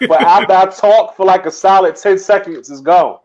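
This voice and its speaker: A man co-hosting a podcast, chatting casually with relaxed slangy banter. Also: sits high, moderate pace, dull audio. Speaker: podcast co-host. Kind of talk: casual chat.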